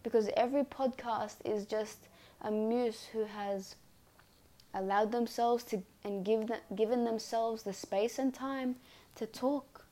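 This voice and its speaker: A woman's voice: on the high side, fairly even intonation, measured pace, mellow. Earnest woman coaching a podcast audience. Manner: earnest, repetitive, coaching phrasing. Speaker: podcast host. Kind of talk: reflective self-help monologue.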